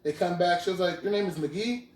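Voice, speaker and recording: A man's voice: high-pitched, a little fast, darkish tone. A man in his twenties hosting a podcast, casually retelling a story in slang and often asking "you feel me". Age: 20s. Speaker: podcast host. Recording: roomy, distant mic.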